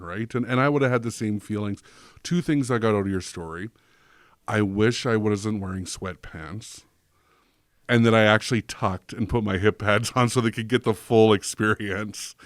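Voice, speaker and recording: A man's voice: lowish voice, normal speed, no echo, studio quality. A man telling stories as a podcast guest, chatty, with many fillers and restarts. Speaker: guest, drag performer. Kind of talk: casual podcast chat.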